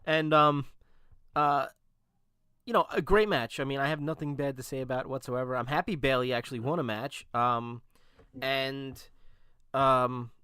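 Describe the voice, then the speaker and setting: A man hosting a casual wrestling podcast, relaxed and laughing often with many ums. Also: mid-range voice, moderate pace, clean tone, no room sound, studio quality. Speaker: podcast host.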